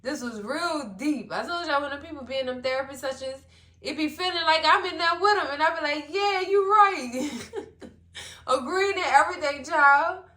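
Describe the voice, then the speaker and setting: A woman chatting casually to her viewers as she recaps a TV episode, expressive and talkative. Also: high voice, fairly quick, reverberant. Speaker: TV recap vlogger.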